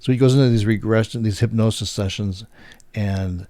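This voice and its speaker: Rambling man with a dark, dry voice. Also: fairly low pitch, steady tone, moderate pace, no room sound. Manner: rambling, with many fillers. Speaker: host. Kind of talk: casual chat.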